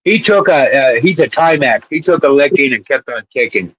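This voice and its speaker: A man's voice: mid-range voice, expressive, fairly quick, fairly bright tone, breathy edge, no room sound, lo-fi sound. A man co-hosting a casual sports chat show, rambling and laughing as he tells stories. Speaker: co-host.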